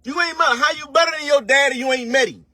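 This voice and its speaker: Speaking at an extremely high pitch with a sharp tone, a male online commentator gives a casual, profane motivational rant with no echo. It's full of slang and rhetorical questions. He preaches with drawn-out, stretched words for emphasis.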